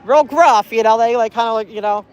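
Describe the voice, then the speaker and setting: A woman's voice: on the high side, a little fast, darkish tone, clear, resonant tone. Earnest, pleading woman on a street livestream. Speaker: livestreaming auditor. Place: outdoors on a city street.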